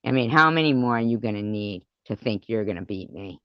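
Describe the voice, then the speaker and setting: A woman's voice: extremely low pitch, expressive, fairly quick, smooth, dry recording, lo-fi sound. A woman vlogger in an angry, profane rant to the camera, taunting and repeating words for emphasis.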